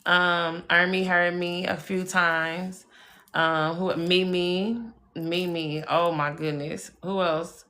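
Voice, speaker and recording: On a live stream, a spiritual reader tells personal stories in a chatty, emphatic way, swearing freely and calling viewers y'all and baby. Her fairly low voice is slow, flat in delivery, pushed and bright.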